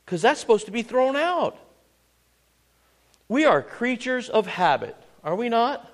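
A man preaching a sermon. He reads scripture slowly, asks his listeners rhetorical questions and builds to loud, emphatic exhortation. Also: very high voice, very animated.

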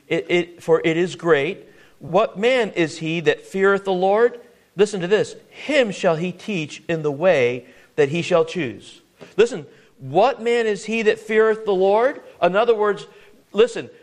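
An earnest male preacher with a slightly higher voice than most men. He often stumbles over and repeats words, and he keeps putting questions to his listeners as he works through scripture. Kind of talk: sermon.

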